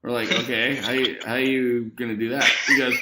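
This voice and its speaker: A man's voice: mid-range voice, fairly quick, roomy sound, very noisy. A man telling a rowdy story as a podcast guest in casual chat, laughing as he goes. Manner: animated, laughs through his story.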